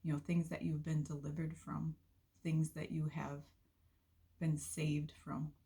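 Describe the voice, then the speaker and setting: A woman giving an earnest, unhurried devotional talk with soft laughs, sharing a faith testimony from her volunteer work. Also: low voice, vocal fry, breathy edge.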